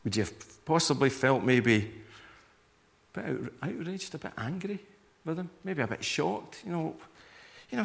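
A man's voice: fairly high pitch, sing-song, moderate pace, gravelly, long pauses. A male preacher giving a sermon in a conversational manner, inviting listeners to imagine themselves in the scene. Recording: long hall reverb.

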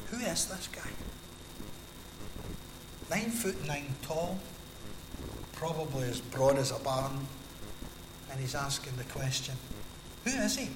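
A man's voice: on the high side, background noise. A Scottish man preaching a sermon in a conversational storytelling manner, in a large hall or church. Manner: storytelling, conversational, acts out Bible scenes. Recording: echoey hall with long reverb.

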